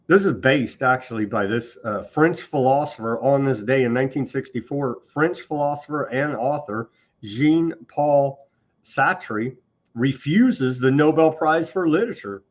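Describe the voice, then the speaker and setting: A man's voice: on the high side, husky, highs cut off. A man hosting a news commentary show, reading on-this-day items and mocking them with heavy sarcasm. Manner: sarcastic, mocking, scornful of government. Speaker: host.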